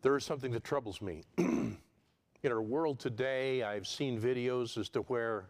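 A man preaching an expository sermon, building to loud emphatic peaks and dropping low and quiet, with a repetitive listing cadence. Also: normal speed.

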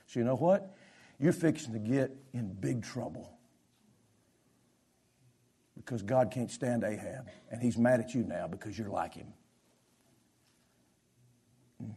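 A man preaching a sermon as pastor, with impassioned delivery that swings between loud and soft. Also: medium pitch, slightly rough.

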